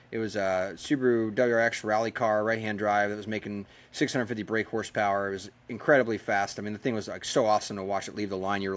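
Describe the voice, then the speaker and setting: An American man, a race car driver, telling stories in a casual interview, chatty and animated, with lots of fillers and acted-out quotes. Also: lowish voice.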